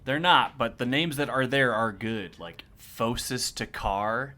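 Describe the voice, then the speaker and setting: A man on a podcast chatting and explaining in a relaxed, deadpan way. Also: medium pitch, measured pace. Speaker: podcast co-host. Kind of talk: casual chat.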